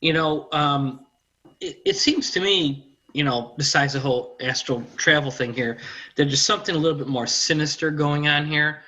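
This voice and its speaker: A man co-hosting an interview, speaking in a thoughtful, measured way. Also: a little high, bright, forceful tone. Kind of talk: conversational interview. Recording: dull lo-fi, distant from mic.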